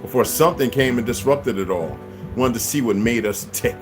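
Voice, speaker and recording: Host, male, AAVE, furious profane monologue, mid pitch, soft music underneath. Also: brisk. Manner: angry, profane, swings loud and high. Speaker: channel host. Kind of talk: profane rant to camera.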